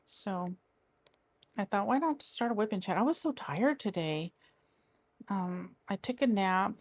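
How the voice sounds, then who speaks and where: A middle-aged woman talking to her viewers while she crafts. She rambles along in an easy, chatty way, trailing off mid-thought and starting sentences over. Her voice sits at an ordinary pitch for a woman. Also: animated, a little slow. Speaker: crafting vlogger. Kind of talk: casual chat while diamond painting.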